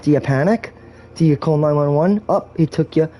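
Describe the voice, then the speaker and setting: A man's voice: a little high, normal speed, mellow. A man giving a joking, rambling walkthrough commentary on a video game, full of crude jokes and swearing.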